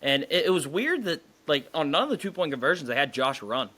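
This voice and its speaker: A man's voice: on the high side, very animated, brisk, pushed and bright. A man co-hosting a sports podcast, chatting casually in long, rambling runs. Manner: talkative, rambling. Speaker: podcast co-host.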